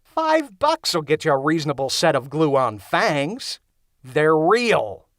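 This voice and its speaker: Nervous fed-up young vampire guy done by a man reading an audiobook, exasperated, pitch flying up and down, dry. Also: very animated, slow, fairly bright tone, no echo, exaggerated voice.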